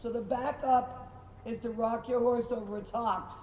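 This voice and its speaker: A man with a high, mellow voice teaches a riding lesson, praising the horses and calling corrections to the riders. He sounds distant in a reverberant arena. The recording is dull and slightly noisy. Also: fairly even intonation, normal speed. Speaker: riding instructor. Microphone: recorder far from the speaker.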